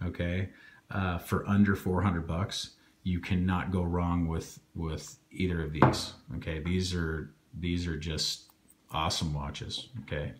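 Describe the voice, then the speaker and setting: A man's voice: low voice, unhurried, slight background noise. A man casually reviewing dive watches on camera, rambling along and tagging his points with "okay?". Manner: relaxed, rambling, keeps adding "okay?" and "um".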